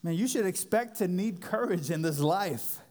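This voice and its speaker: Impassioned pastor in a reverberant church. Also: male voice, sits high, expressive, normal speed. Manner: impassioned, swings from loud emphasis to quiet intensity. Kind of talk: sermon. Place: church sanctuary. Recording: long hall reverb.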